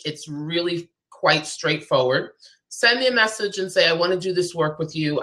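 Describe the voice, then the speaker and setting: Woman, business coach, emphatic and persuasive, slightly low voice, live video-call interview. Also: bright, forceful tone. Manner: emphatic, persuasive, repeats key phrases.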